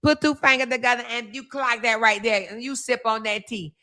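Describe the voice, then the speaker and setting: A woman hosts a comedic livestream, her voice bright and sharp. She mocks and cackles loudly, with profanity in nearly every line. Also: on the high side, steady tone, brisk. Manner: loud, mocking, laughing, swears a lot. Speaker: livestream commentary host.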